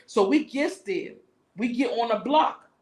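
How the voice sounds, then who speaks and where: Brief: woman host, lively cussing storyteller, fairly high voice, roomy echo. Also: a little slow. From Washington, D.C. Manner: animated, profane storyteller who acts out quotes. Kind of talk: casual storytelling on a live stream. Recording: echoey room.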